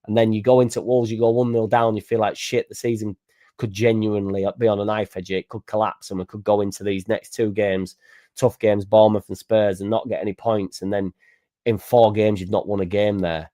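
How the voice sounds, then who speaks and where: Young male fan-channel host; excitable, rambling banter with plenty of swearing. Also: lowish voice, brisk. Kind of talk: casual live-stream chat reading viewer comments.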